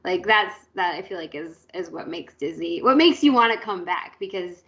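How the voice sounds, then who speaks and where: A woman guest in a casual chat, excitedly reminiscing and laughing often. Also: lowish voice, moderate pace. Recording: dull lo-fi sound.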